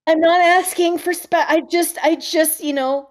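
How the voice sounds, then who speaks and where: A middle-aged woman, an actress interviewed as a guest, telling a candid story in an animated, conversational way with frequent restarts. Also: very high voice, measured pace, hardly any pauses. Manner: animated, acts out others' lines in voices, frequent restarts.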